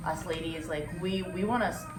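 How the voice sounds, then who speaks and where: A woman's voice: fairly low pitch, fairly quick. A woman realtor hosting a casual interview, friendly and affirming, with lots of fillers. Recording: distant, echoey, with background music.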